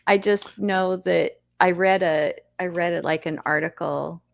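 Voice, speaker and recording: Brief: woman on a podcast, slow easy delivery, amused book chat. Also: lowish voice, fairly even intonation, vocal fry, muffled recording. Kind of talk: casual chat.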